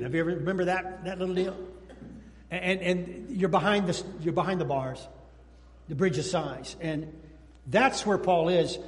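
A pastor in his sixties giving a lively, joking sermon, whooping and breaking into song. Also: sits high, long reverb tail. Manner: animated, jokey preaching with whoops and sung bits.

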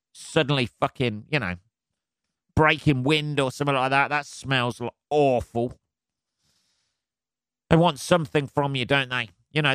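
A man's voice: on the high side, smooth, dry recording, clean studio sound. A man hosting a podcast, ranting comically on his own, swearing constantly and laughing often. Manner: sweary, animated, laughs a lot. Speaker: podcast host. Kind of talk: solo comedic rant.

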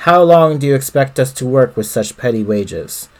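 A man's voice: mid-range voice, lively intonation, moderate pace, darkish tone, pitched above the performer's own voice, close to an everyday voice. A man voicing a defiant miner spokesman rallying his fellow workers. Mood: indignant.

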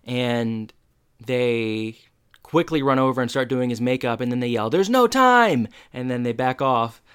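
A man co-hosting a podcast, retelling a TV episode in relaxed, casual storytelling. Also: mid-range voice, moderate pace, clear, resonant tone. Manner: relaxed storytelling with fillers and laughs. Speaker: podcast co-host. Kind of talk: casual episode recap chat.

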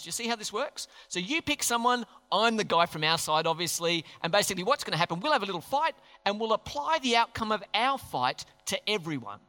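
High-voiced, bright preacher. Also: male voice, very animated, a little fast. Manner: chatty, jokey, asks the crowd questions. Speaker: pastor. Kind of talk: sermon. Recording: long hall reverb.

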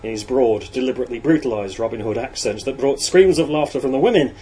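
A man narrating a novel in a measured, even storytelling voice. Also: mid-range voice, low-quality recording. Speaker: audiobook narrator. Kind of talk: reading a novel aloud.

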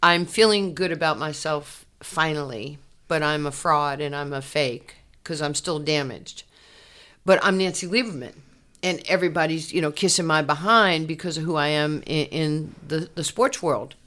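Low-voiced new lady in her 60s telling her story, lively, laughs a lot. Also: normal speed. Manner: animated, laughs often, repeats herself. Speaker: interview guest, former basketball player. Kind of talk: candid personal storytelling.

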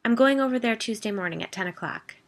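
A woman voicing a brisk, knowing woman friend. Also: on the high side, voice pushed up, natural voice. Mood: insistent. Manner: firm and matter-of-fact.

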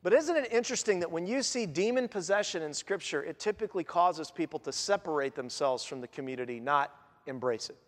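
A man, a pastor, preaching a sermon in an animated way, acting out the scenes and voices of the story he tells. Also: on the high side, brisk, in a large hall.

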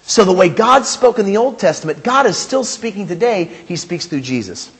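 A male pastor delivering a sermon, his voice somewhat higher than most men's and noticeably husky. He preaches emphatically, repeating key phrases and putting questions to the congregation. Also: sing-song, moderate pace.

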